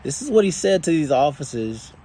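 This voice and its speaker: A man delivering an impassioned, angry monologue as a vlogger, swearing often and speaking in slow, deliberate phrases. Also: fairly high pitch, big pitch swings, mellow, a little hiss or hum.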